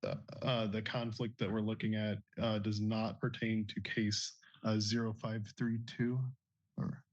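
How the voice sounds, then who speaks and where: A male defendant talking slowly and flatly, hesitating and stumbling over his words. The audio is dry and dull, like a lo-fi courtroom feed. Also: lowish voice, no echo. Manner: hesitant, halting, many fillers. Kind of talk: courtroom hearing.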